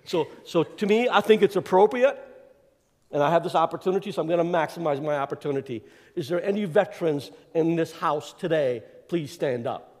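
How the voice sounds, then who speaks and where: A man giving an energetic, rambling address as guest speaker in a church, with lots of fillers and emphatic repeats. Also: on the high side, brisk. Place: church sanctuary. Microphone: clip-on mic that keeps slipping. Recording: echoey church hall.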